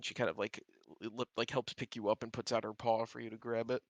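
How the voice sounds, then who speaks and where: A woman's voice: rumbling low, little pitch movement, fast talker, dry recording, dull audio. A woman narrating as game master in a tabletop role-playing session with playful energy.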